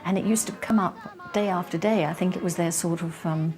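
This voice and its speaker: A woman being interviewed, recalling her childhood with lively, self-mocking humour. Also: fairly low pitch, brisk, soft background music. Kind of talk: nostalgic interview.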